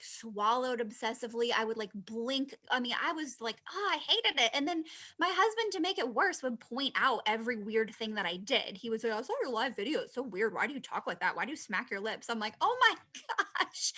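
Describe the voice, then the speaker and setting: A woman in her thirties, a business coach giving a chatty, animated talk that is full of asides and laughter. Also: on the high side. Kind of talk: presentation talk.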